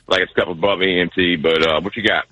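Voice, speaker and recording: A male EMT calling in to a radio show, talking easily with many pauses and fillers. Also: low voice, fairly even intonation, bright, forceful tone, dry recording, dull audio. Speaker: caller, EMT. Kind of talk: phone-in conversation.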